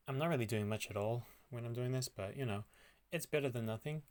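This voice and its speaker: A man with a gravelly voice, talking hesitantly and thinking aloud in a voice practice vlog. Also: medium pitch, fast.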